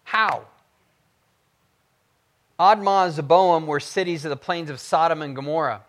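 Emphatic man teaching scripture, fairly high voice. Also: fairly quick. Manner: emphatic, swings from loud to quiet; reads scripture aloud with fervor. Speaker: Bible teacher. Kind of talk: verse-by-verse Bible teaching.

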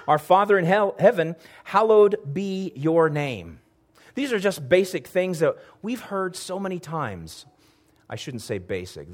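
A man preaching a sermon, earnest, building emphasis, pausing now and then to clear his throat. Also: on the high side. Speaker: pastor.

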